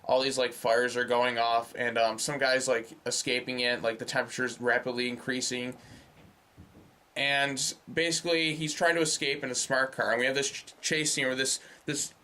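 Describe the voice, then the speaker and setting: A young man talks through a film review in a loose, casual way. He swears freely and slides into sarcastic rants. His voice sits at an ordinary middle pitch. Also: level tone, moderate pace, pushed and bright. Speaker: movie reviewer.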